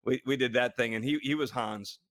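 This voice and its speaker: A man co-hosting a podcast, telling stories in a casual, animated way, laughing often and restarting sentences. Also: mid-range voice, brisk. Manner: animated storytelling, laughing a lot, many restarts. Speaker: podcast co-host, former astronaut. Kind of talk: casual chat.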